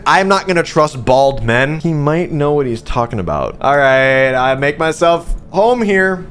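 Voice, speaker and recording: A man's voice: on the high side, sing-song, a little slow, few pauses, a bit bright, clean tone, soft background music. A man giving joking, crude, slang-filled commentary while playing a game. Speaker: streamer. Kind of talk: gameplay commentary.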